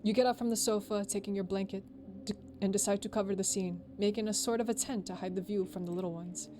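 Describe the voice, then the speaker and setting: A woman's voice: mid-range voice, fairly even intonation, fast, warm tone, a little hiss or hum. A young woman streamer reading a visual novel aloud, playful, laughing and voicing the characters. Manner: playful, laughs a lot, does character voices.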